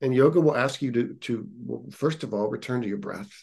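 A male yoga teacher speaks with an earnest, encouraging manner, coaching gently and repeating key phrases to drive them home. His voice sits at an average pitch for a man. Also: a little fast, gravelly, breathy edge. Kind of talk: casual podcast conversation.

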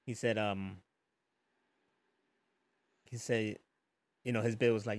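A man's voice: on the low side, slow pace, pauses often, dry recording. Brief: man, casual co-host chat, swears a lot, laughs easily, dry close sound. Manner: laughs often, profane, animated storytelling.

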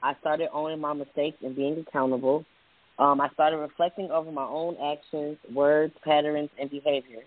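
A man's voice: fairly high pitch, flat delivery, no room sound. Reflective man on a tinny phone line. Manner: reflective, reads quotes aloud, bursts of quick talk. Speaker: podcast co-host. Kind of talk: casual chat with read-out quotes. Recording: tinny phone-like dry sound.

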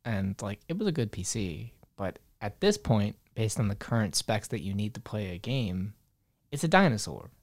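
Young male co-host, animated, swears a lot, dry close-miked sound; casual chat. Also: lowish voice, normal speed, no room sound. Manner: animated, swearing, rambling with many fillers. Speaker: podcast co-host.

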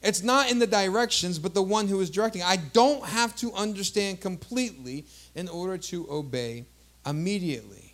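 A man's voice: high-pitched, moderate pace, a bit bright. A man in his thirties, a pastor preaching a sermon emphatically, calling out to the congregation and drawing out key words.

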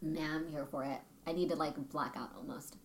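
A young woman co-hosting a casual podcast chat, blunt and offhand, often dropping her voice low. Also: fairly even intonation, a little fast. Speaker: podcast co-host.

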